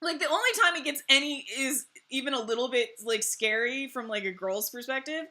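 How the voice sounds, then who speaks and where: A woman's voice: high voice, fairly quick, bright, forceful tone. A woman streamer in casual chat on a live stream, laughing often and swearing freely.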